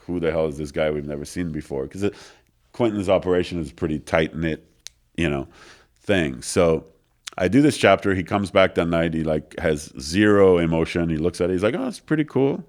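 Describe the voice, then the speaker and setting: A man's voice: low voice, moderate pace. A man interview guest casually telling a long anecdote in a studio, acting out the other people in it and using many fillers. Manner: animated anecdote with quoted voices, filler-heavy. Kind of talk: casual storytelling. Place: recording studio.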